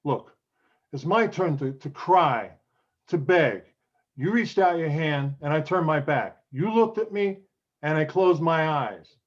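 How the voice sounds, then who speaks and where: A man's voice: a little high, animated, highs cut off. A man playing a desperate young husband begging his wife to stay, in an acting class scene over a video call. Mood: pleading. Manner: pleading, halting repetitions.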